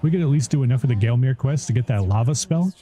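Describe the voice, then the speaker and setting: A man's voice: medium pitch, lively intonation, fast, warm tone. A man streaming a game live, chatting casually in a rambling way, swearing and laughing often. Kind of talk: casual live gameplay chat.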